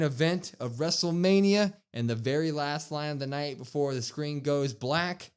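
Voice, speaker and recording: This wrestling podcast co-host has a clean tone on the high side and talks at a moderate pace with few pauses. Chatting casually through an episode recap, he animatedly acts out quotes with a raised voice.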